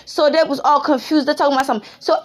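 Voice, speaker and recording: A woman's voice: sits high, steady tone, very fast. A woman in her thirties hosting a spiritual live broadcast, talking in a rambling, slangy way and swearing freely. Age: 30s. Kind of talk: casual chat.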